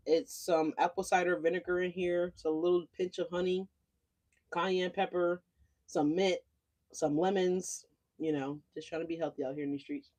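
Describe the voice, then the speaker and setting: A woman's voice: on the low side, darkish tone. A woman giving a casual tarot reading, chatty and profane, tossing in "right?" asides. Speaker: tarot reader.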